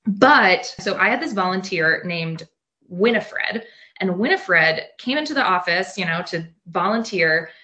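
A New York woman, guesting on an interview, tells a casual anecdote in a chatty way, full of fillers and laughing into her lines. Her medium-pitched voice is expressive, pushed and bright, at a measured pace.

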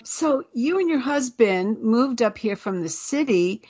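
A woman's voice: fairly high pitch, expressive, a little slow, darkish tone, husky. Older woman interview host.

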